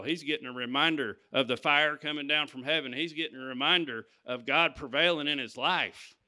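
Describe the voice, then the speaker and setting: Bright, clear-voiced man preaching. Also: fairly high pitch. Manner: emphatic, conversational preaching with scripture readings. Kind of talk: sermon.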